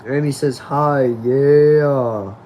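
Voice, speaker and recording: A man's voice: medium pitch, steady tone, drawn-out words, dark tone, a little hiss or hum. Tired, chatty American man on stream. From United States. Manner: chatty, greets viewers by name, asks for comments. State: tired, sleepy. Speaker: live-stream host. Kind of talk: casual live-stream chat reading viewer comments.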